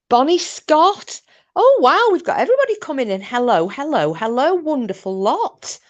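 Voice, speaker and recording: A woman hosts a relaxed livestream chat, taking her time over each word. She is giggly and chatty and pokes fun at herself as she reads out the viewers' messages. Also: on the high side. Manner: giggly, chatty and self-mocking. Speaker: livestream host.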